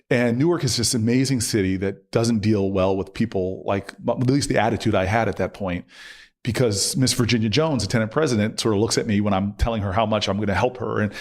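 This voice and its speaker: Interview guest: man in his forties, fairly low voice, casual and lively storytelling with laughter. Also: fairly quick. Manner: animated storyteller, laughs often, restarts sentences.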